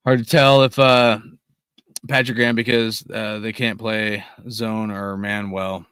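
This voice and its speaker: A man's voice: lowish voice, flat delivery, unhurried, a bit bright, clear, resonant tone, no echo, clean studio sound. A young man hosting a live sports podcast, ranting heatedly and swearing constantly while he reads out chat messages. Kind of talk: profane casual sports rant.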